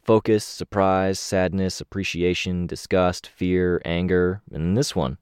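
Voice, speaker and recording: Guy doing calm young man, thoughtful, deep voice, dry close sound. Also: unhurried, clear, resonant tone, dry recording. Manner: calm and reflective.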